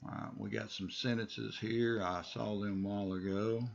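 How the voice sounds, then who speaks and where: A man teaching English pronunciation, modeling words slowly and deliberately for the listener to repeat, with relaxed asides in between. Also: on the low side, vocal fry, highs cut off. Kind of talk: pronunciation lesson with repeat-after-me drills.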